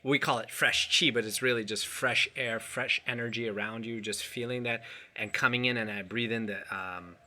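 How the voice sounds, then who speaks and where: A man as a qigong instructor guest, talking earnestly in a halting way with many restarts. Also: mid-range voice, fairly even intonation, bright, forceful tone. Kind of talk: casual interview chat.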